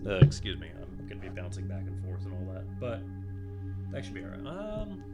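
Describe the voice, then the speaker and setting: A man's voice: low voice, brisk, loud music behind the voice. Laid-back man reading a solo adventure. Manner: relaxed, chatty, drops curse words between read passages. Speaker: streamer. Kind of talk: reading a solo tabletop adventure aloud with casual asides. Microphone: condenser mic.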